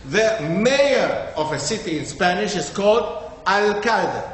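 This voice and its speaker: A man's voice: high voice, animated, slow pace. A man giving an interactive talk to an audience, often quizzing them and checking with "okay?" as he goes. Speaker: lecturer. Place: community centre hall. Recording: echoey hall with faint noise.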